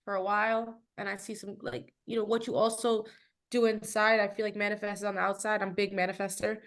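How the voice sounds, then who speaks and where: A woman's voice: mid-range voice, little pitch movement, fairly quick. A woman guest on a podcast, chatting in a reflective, casual way with plenty of fillers. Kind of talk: casual interview chat.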